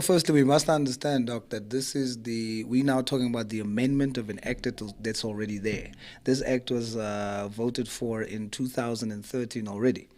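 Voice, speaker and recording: A man's voice: lowish voice, a little mellow. A man with a South African accent, a mayor being interviewed on a podcast, who speaks emphatically and repeats his main points. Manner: emphatic, speech-like. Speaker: mayor and politician. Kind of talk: interview guest.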